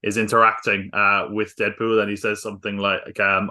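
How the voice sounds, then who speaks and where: Co-host, man, low-ish bright voice, halting, lots of ums. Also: completely flat delivery. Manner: hesitant, many fillers, paraphrases film lines. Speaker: podcast co-host. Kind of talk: casual chat.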